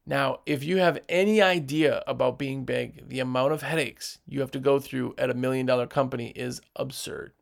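A man's voice: medium pitch, steady tone, normal speed, gravelly, hardly any pauses. A man who runs a window cleaning business, giving direct, emphatic advice to other business owners and acting out what customers say. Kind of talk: motivational business talk.

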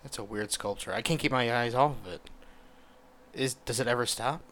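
A man's voice: mid-range voice, moderate pace, a bit bright, a little hiss or hum. A man giving casual reaction commentary, muttering offhand remarks and swearing now and then.

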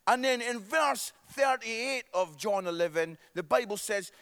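A middle-aged man with a Scottish accent preaches to his congregation in a very high voice. He is lively and playful, teasing the room and checking in with a quick "yeah?" between points. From Scotland. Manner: lively, jokey with the congregation, tag questions like "yeah?". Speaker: pastor. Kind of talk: sermon.

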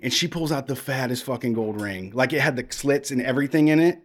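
A man in casual storytelling mode on a podcast, talking frankly and swearing freely. He rambles, restarts his sentences and lands at a middle pitch. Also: brisk.

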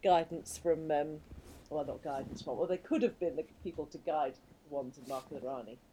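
A woman co-hosting a podcast in casual chat, wry and quick to laugh, swearing casually. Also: low voice, dark tone. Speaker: podcast co-host.

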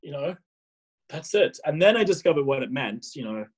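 South african guy in his 30s telling his story on a podcast, slightly breathy, acts out the voices, lots of likes and ums. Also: fairly high pitch, normal speed, low-quality recording. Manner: animated, acts out his own past dialogue, many fillers and restarts. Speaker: podcast guest. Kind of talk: casual storytelling.

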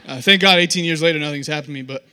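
Bright-voiced young male preacher. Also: fairly high pitch, rapid-fire. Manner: animated, self-deprecating storytelling with acted-out voices. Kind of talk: sermon.

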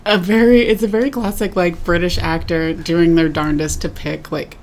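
Casting: woman, very low gravelly voice, chatty podcast co-host. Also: steady tone, normal speed, slight background noise. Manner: laughs often, chatty, reads listener emails. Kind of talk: casual chat.

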